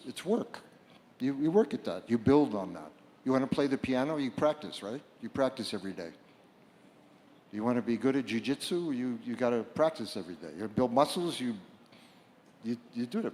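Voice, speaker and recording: A man giving a reflective public talk to a live audience, halting and repeating words, at times rising to loud bursts. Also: medium pitch. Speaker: speaker at a book fair panel. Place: large hall before a live audience. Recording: long hall reverb.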